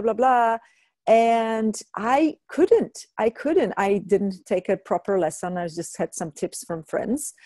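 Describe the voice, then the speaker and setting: Mellow-voiced woman chatting animatedly. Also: medium pitch, no room sound. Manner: animated storytelling, acts out quotes, laughs often. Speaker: co-host. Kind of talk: casual chat.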